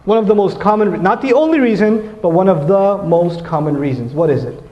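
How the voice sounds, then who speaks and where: Fast-talking, animated male preacher. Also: sits high. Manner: animated, conversational, acts out quotes. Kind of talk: sermon. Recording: echoey hall, dull lo-fi sound.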